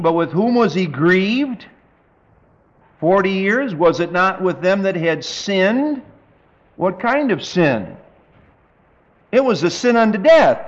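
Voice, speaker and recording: A man preaching a verse-by-verse Bible study with dry, folksy humor, reading scripture slowly. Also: sits high. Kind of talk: verse-by-verse Bible teaching sermon. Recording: dull lo-fi tape recording.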